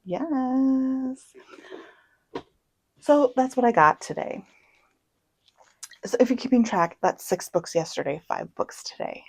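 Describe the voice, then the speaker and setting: A young woman chatting casually as a book vlogger, self-deprecating and full of quick asides. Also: fairly high pitch, expressive, darkish tone, no echo, poor audio. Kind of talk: casual chat. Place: home.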